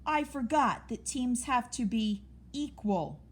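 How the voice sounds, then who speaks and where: A tiny storybook mouse with a high, squeaky, eager voice, put on by a woman. She is brave and keen on fairness, and her pitch jumps up and down a lot. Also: lively intonation, slow pace. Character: small brave fair-minded female mouse.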